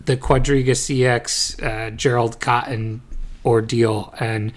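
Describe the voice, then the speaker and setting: Relaxed, easygoing podcast co-host man. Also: medium pitch, takes it slowly. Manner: relaxed, hesitant, many fillers. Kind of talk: casual chat.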